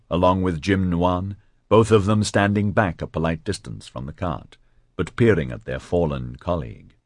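A man with a very low voice reads an audiobook in an even, measured way. The recording is close and dry, with no room sound. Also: no room sound. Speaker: audiobook narrator. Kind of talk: scripted narration.

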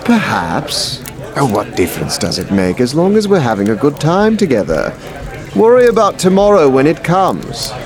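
An actor playing a smooth, carefree young suitor in a radio play. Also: male voice, on the high side, huge pitch swings, normal speed, a crowd in the background. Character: charming young male suitor, easygoing and flattering.

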